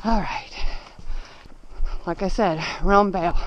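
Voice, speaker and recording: A woman's voice: on the low side, takes it slowly, dull audio. A woman vlogging her morning farm chores, out of breath as she works, cooing to her animals in a baby voice, recorded outdoors on a handheld camera. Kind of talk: casual vlog narration. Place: outdoors on a muddy farm with horses. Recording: clear background noise outdoors.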